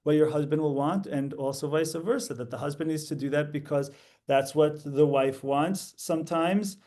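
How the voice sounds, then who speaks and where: A man talking in a casual conversation as a podcast guest, halting and restarting as he searches for words. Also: fairly high pitch, dark tone. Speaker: podcast guest, host's husband.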